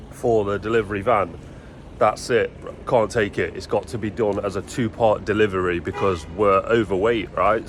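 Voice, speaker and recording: A man's voice: fairly low pitch, background noise. A man chatting casually to camera outdoors on a building site, often calling his viewers "guys". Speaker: vlogger and builder. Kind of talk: casual vlog talk to camera.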